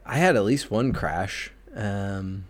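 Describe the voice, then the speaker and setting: A man from New England co-hosting a podcast, chatting casually about a video game with a hesitant, halting manner. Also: lowish voice, animated. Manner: hesitant, restarts with ums. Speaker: podcast co-host.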